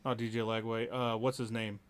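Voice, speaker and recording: A man co-hosts a relaxed football talk show. He hedges his picks, trails off and restarts as he thinks out loud, with an easy conversational delivery. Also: fairly low pitch, fairly quick, smooth. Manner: hedging, thinks aloud with restarts. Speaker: co-host. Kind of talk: casual sports chat.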